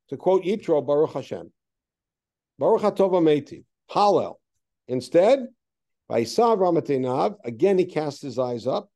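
Lively man teaching a text study class. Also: a little high. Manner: lively, questioning, reads Hebrew verses then explains.

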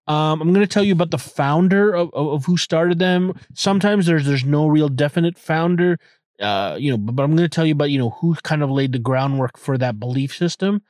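A man's voice: a little high, fairly quick, a little mellow, no echo, clean studio sound. A young man hosting a casual solo podcast from inside his car, rambling and irreverent, joking as he goes and restarting his sentences often. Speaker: podcast host.

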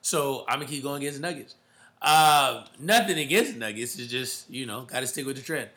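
Bright-voiced man in casual sports talk. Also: mid-range voice, animated, moderate pace. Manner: emphatic, slangy, calls listeners bro.

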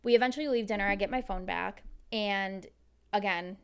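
A woman co-hosting a podcast, telling a story in an animated, casual way and swearing freely. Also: mid-range voice, moderate pace, clear, resonant tone. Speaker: podcast co-host.

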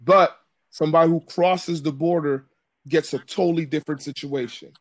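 A man's voice: on the high side, steady tone, normal speed, no echo. A man speaking as a guest in a casual podcast chat. He argues his point earnestly, step by step.

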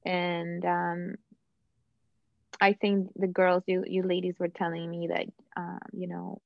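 A woman podcast co-host who thinks aloud in a reflective, hesitant way. Her low voice is gravelly and stays very flat. The sound is dull and dry, with a lo-fi feel. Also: takes it slowly, dry recording. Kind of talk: casual chat.

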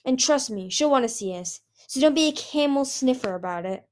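A woman's voice: sits high, lively intonation, fairly quick, pitched above the performer's own voice. A woman voicing a cocky, cheerful male desert dragon with a teasing, boastful manner. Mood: firm.

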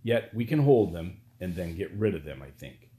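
A man voicing a cunning, calm older male court magician, talking in a measured, quietly theatrical way. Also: sits low.

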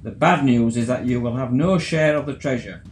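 A man's voice: mid-range voice, moderate pace, lightly acted. A commanding pirate captain who addresses his crew in declamatory tones, as a man reads him aloud. The voice rings through an echoey room, with faint music underneath. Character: gruff male pirate captain turned honest.

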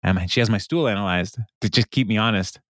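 A man hosting a podcast, recapping an episode in casual chat, laughing often and quoting characters in quick bits. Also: fairly low pitch, no room sound, clean studio sound.

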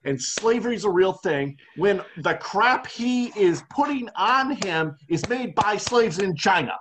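A man's voice: high voice, expressive, measured pace, a bit bright, a little hiss or hum. A man co-hosting a casual podcast, ranting heatedly with a sarcastic edge. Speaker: podcast co-host. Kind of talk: heated casual political chat.

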